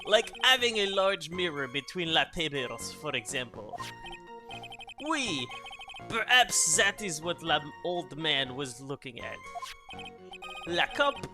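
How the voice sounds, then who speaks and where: A man puts on a flamboyant, flirtatious French restaurant owner with a hammy fake accent. The voice swoops up and down and drawls each word slowly. Video game music plays underneath. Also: a little high, sing-song. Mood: theatrical. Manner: playful, sing-song, hamming it up. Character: flamboyant French male chef, theatrical and flirty.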